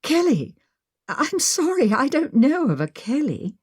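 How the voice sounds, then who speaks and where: Crisp British museum docent, as a woman narrator puts her on. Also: sits high, big pitch swings, a little slow, a little mellow, dry recording, clean studio sound, voice pushed up. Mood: polite. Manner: crisp, polite. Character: polite young female museum docent.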